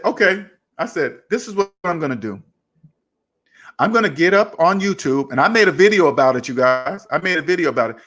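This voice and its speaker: A man with a raised voice, hosting a personal finance channel and telling a story in a casual, animated way, acting out both sides of an argument in quoted dialogue. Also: high voice.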